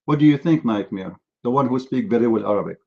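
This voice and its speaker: A man's voice: medium pitch, lively intonation, fast talker, gravelly, mellow, lo-fi sound. A man hosting a live online debate, mocking and lecturing his opponent in a combative way. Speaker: debate host.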